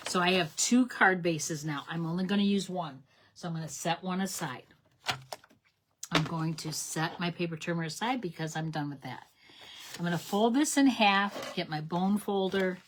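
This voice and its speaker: A woman's voice: fairly low pitch, normal speed, a bit bright, slight background noise. A middle-aged woman hosting a card-making tutorial, chatty and enthusiastic, explaining each step and often correcting herself. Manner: chatty and enthusiastic, talks to viewers as "you guys". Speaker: craft demonstrator, channel host.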